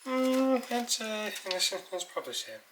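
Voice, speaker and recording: A man's voice: high-pitched, big pitch swings, normal speed. A man with a Barnsley Yorkshire accent bantering from off camera in a home kitchen, dry and teasing. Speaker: vlogger's partner. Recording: loud household noise, clattering pans.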